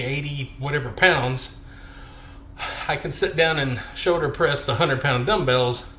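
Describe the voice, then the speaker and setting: Winded guy counting reps out loud, slow talker, kinda echoey gym. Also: mid-range voice, slight background noise. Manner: counts reps aloud, chatty and joking. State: out of breath. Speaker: fitness vlogger. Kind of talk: casual workout live stream.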